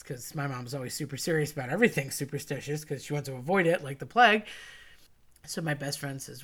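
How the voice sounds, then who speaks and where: A woman casually telling a funny personal story, chatty and animated, quoting friends and family in dialogue. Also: low voice, brisk, breathy edge. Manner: chatty and animated, quotes others in dialogue, laughs at herself.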